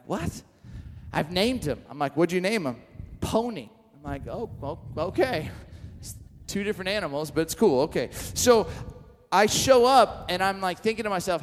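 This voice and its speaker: A male pastor with a notably high voice preaches in a large hall, where his words trail off in a long reverb. He tells stories with self-deprecating humor and acts out the dialogue before turning to his message. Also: lively intonation, moderate pace, slight background noise. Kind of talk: sermon with storytelling.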